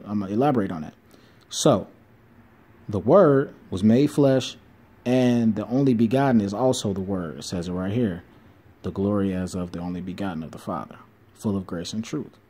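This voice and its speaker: A man giving an informal bible teaching, reading verses slowly and then explaining them with quick asides and self-corrections. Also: fairly low pitch, mellow, husky. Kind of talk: informal scripture teaching video.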